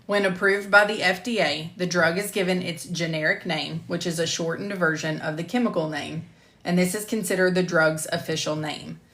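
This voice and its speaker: A middle-aged woman with a light Southern US accent and a lowish voice reads lecture slides in a measured instructor's cadence. Between takes she drifts into casual, self-deprecating chat. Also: fairly even intonation, fairly bright tone. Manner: reads slides carefully, then chats with self-deprecating asides and laughter. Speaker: medical coding instructor. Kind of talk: recording a scripted lecture on a live stream.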